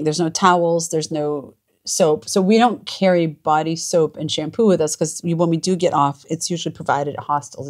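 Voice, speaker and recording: A woman's voice: low-pitched, a little mellow. A woman vlogging from a small cabin, chatting in a gushing, emotional way. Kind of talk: casual chat.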